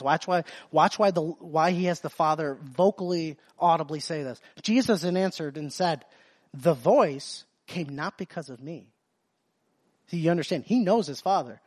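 A high-pitched man preaches a sermon. He reads the verses slowly and with weight, then breaks into quick explanation, stumbling and repeating words as he goes, and keeps asking his listeners if they follow. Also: no echo. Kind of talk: sermon, reading and explaining scripture.

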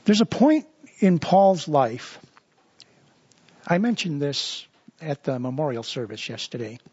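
A man's voice: a little high, big pitch swings, a little slow, warm tone, breathy edge, no echo, muffled recording. A man preaching a sermon as a pastor, in a conversational style full of repetitions and asides.

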